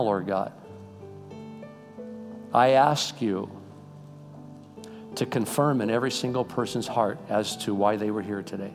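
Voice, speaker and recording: An older pastor with a lowish voice preaches a sermon in a church sanctuary, swinging between loud, emphatic peaks and quiet, intimate asides before leading a prayer. The recording carries a long reverb, as in a large hall.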